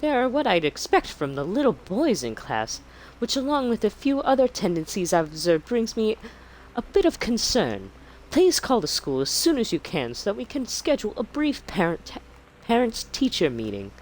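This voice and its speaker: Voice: medium pitch, big pitch swings, moderate pace, darkish tone, slight background noise, voice pushed up, lightly acted, poor audio. A streamer voicing a prim female schoolteacher reading a formal, concerned letter.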